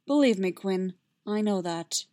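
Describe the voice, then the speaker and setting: A tired, bitter male Jedi captain who talks quietly, read by a woman. His lines are subdued and soft. The reading is dry and close. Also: medium pitch, lively intonation, measured pace, no echo, lightly acted. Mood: weary.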